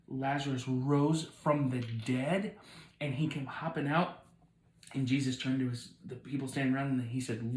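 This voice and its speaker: A man with a middle-pitched voice tells a small child a Bible story in a casual, playful way. He keeps things warm and encouraging, like a parent at bedtime. The bedroom has noticeable echo. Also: steady tone, moderate pace. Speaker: parent hosting a home video with his child. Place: child's bed at home.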